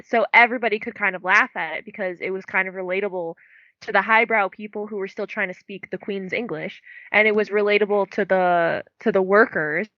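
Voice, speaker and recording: A woman's voice: medium pitch, fairly even intonation, brisk, no room sound, muffled recording. A young woman co-hosting a book podcast, chatting casually and filling her talk with "like". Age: young adult. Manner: chatty, many "like" fillers. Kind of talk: casual chat.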